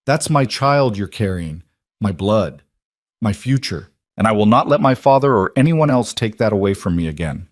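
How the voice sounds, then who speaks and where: A man's voice: on the low side, lively intonation, moderate pace, a little mellow, no room sound. A man voicing a possessive, intense young mafia boss who speaks in a commanding way.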